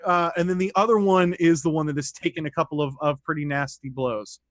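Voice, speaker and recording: A man runs a tabletop game as its dungeon master, his voice pitched high. The sound is dry and close, like a streamer's desk mic. He narrates combat with lively, descriptive flair and quick asides. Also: no echo.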